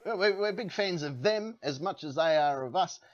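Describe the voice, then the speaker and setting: A man's voice: on the high side, animated, moderate pace, a crowd in the background. A man hosting a casual podcast. He rambles, restarts and says "uh" a lot. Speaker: podcast host. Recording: dull lo-fi sound.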